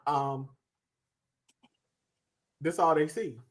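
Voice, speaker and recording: A woman co-hosting a casual podcast, telling stories in a lively, expressive way. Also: low-pitched, extremely slow, background noise. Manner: lively storyteller, expressive swings. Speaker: podcast co-host. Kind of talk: casual chat.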